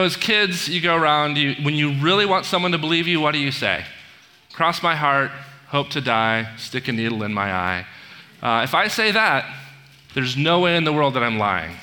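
A pastor delivers a conversational sermon, retelling film scenes with asides and questions for the congregation. His voice is fairly high with a sharp tone, and the recording carries slight background noise and a long hall reverb.

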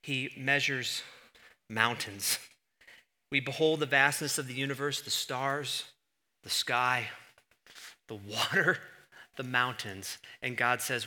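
A man preaching a sermon as pastor in a church, acting out voices with sudden loud jumps. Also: medium pitch, slow pace, pauses often. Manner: animated, acts out God's voice with sudden loud jumps.

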